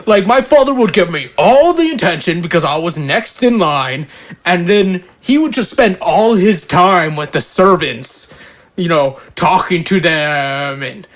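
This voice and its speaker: A man's voice: sits high, expressive, a little slow, a bit bright. A man voicing a spoiled, lecherous young noble heir in a tabletop game, talking nonchalantly.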